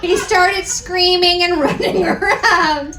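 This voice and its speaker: A woman's voice: very high voice, slow, very noisy. A tipsy woman giving a live comedic reading, giggling and cursing through asides. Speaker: dramatic reader. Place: live event venue. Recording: roomy echo.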